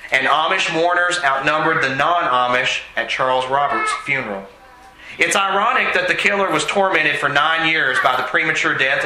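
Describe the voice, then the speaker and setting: Bright-voiced male preacher in an echoey room. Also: a little high. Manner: earnest, slows for emphasis. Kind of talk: sermon.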